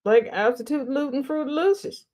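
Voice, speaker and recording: A woman's voice: sits high, measured pace, darkish tone. A woman hosting a casual news show and commenting on social media gossip in a sassy, blunt, slang-heavy way. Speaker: host.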